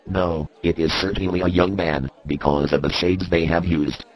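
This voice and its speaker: A woman's voice: very deep voice, fairly even intonation, moderate pace, pitched below the performer's own voice, rough recording. A woman voicing the disciple Bartholomew as a matter-of-fact, certain man. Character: sure-of-himself adult male disciple.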